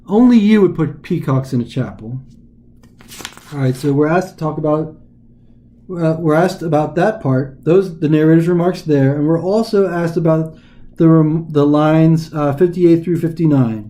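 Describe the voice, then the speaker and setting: Mellow-voiced chatty male tutor. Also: a little high, normal speed. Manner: informal, chatty, dramatizes the text. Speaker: test prep tutor. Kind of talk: casual recorded lesson.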